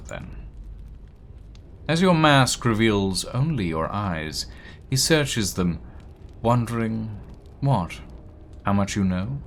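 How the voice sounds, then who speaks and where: A man narrating a tabletop role-playing game as game master, describing characters' actions at an unhurried pace. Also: fairly low pitch, slight background noise.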